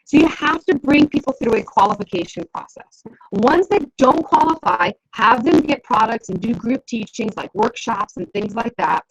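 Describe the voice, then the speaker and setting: A woman's voice: fairly high pitch, expressive, moderate pace, slightly rough. A woman business coach giving an instructional talk to camera, conversational and keeps checking in with the listener. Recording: dull lo-fi recording.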